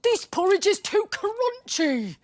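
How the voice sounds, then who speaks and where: A fussy little storybook bear, put on by a woman, speaking in a high, squeaky voice that swoops up and down. He draws out each slow complaint about porridge, chairs and beds. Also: very animated, a little hiss or hum, exaggerated voice. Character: fussy little male bear, choosy and sleepy.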